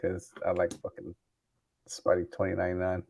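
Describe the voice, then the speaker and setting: A man's voice: low-pitched, monotone, fairly quick, gravelly, darkish tone. A man co-hosting a podcast in casual chat, cursing freely and rambling as he searches for words. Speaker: podcast co-host.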